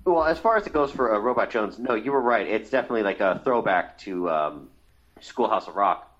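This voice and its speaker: A man's voice: on the low side, expressive, a little fast, fairly bright tone. A man in his thirties co-hosting a podcast, talking casually and hesitantly, with many fillers. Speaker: podcast co-host. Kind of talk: casual chat. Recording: dull lo-fi sound.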